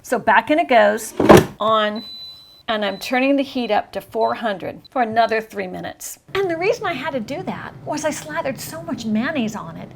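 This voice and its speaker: A woman's voice: on the high side, lively intonation, normal speed, vocal fry, slight background noise. Upbeat woman hosting a cooking demo. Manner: upbeat, exclaims over the food; talks with her mouth full while tasting. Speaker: cooking show host. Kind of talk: cooking demonstration.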